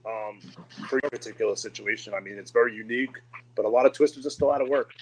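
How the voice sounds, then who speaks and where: A man's voice: mid-range voice, fast talker, noisy background. A man hosting a casual online interview, asking questions in a friendly, prompting way. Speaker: host.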